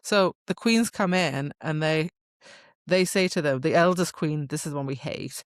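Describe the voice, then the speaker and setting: A woman co-hosting a casual book podcast, chatty and quick to slip into characters' voices. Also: sits low, no room sound, clean studio sound. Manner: chatty, jumps into characters' voices, laughs while retelling. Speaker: podcast co-host. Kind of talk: casual book-club chat.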